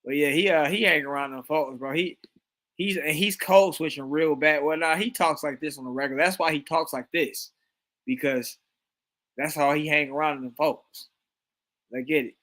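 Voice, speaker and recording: A man's voice: a little high, moderate pace, fairly bright tone. A man giving casual, slangy reaction commentary on a video, often laughing and repeating himself. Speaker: reaction streamer.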